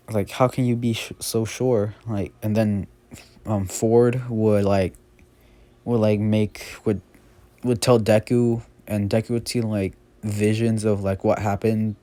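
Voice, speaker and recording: Man telling a casual story, low, mellow, rambling with many fillers. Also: no echo. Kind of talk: casual fan story narration.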